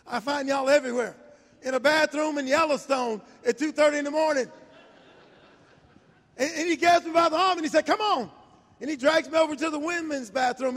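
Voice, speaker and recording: A man in his sixties preaching a sermon, telling a personal story in a folksy, animated way. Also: very high-pitched. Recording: echoey hall reverb.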